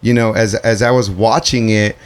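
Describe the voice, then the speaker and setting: A man hosting a radio interview show, asking questions in a relaxed, encouraging way with frequent "yeah"s. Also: fairly low pitch, normal speed. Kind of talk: casual interview chat.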